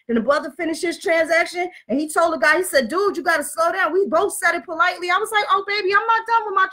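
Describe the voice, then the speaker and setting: A woman telling a story and ranting in a blunt, profane, animated way. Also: very high-pitched. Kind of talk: casual rant and storytelling.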